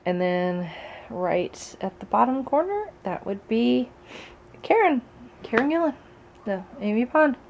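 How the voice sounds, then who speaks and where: A woman's voice: fairly high pitch, very animated, measured pace, gravelly, highs cut off. A woman talks to her camera at home, rambling through her week with plenty of asides. She sounds worn out and a bit sick, and a faint hiss sits under her voice. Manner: rambling, chatty, with laughs and asides. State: sick and tired. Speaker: vlogger. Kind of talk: casual chat. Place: at home by a patio door.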